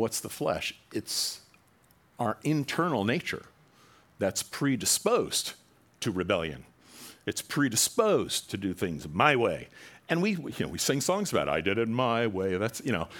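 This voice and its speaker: A man's voice: fairly low pitch, a bit bright. A man preaching a sermon to his congregation in a conversational way, now and then acting out quoted voices with rising animation. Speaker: pastor.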